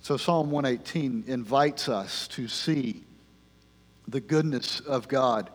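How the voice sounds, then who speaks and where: A male pastor preaching a sermon in church into a microphone, filling his talk with "uh" and moving between loud rallying and hushed prayer. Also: mid-range voice, slow, husky. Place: church sanctuary. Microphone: handheld microphone. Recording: long hall reverb.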